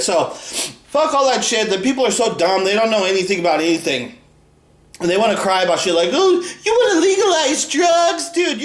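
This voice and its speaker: A man co-hosting a podcast, ranting in a heated, contemptuous way and swearing constantly. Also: high voice. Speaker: podcast co-host. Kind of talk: angry profane rant. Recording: echoey room.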